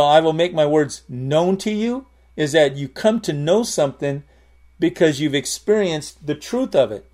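A middle-aged man preaching a sermon in a conversational way, repeating and restarting words and slowing down to stress key lines. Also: on the high side, a little mellow.

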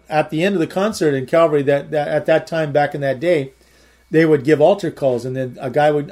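A man's voice: on the high side, darkish tone. A man giving a sermon, telling a personal testimony in an earnest, rambling way and often repeating his words. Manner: earnest storytelling.

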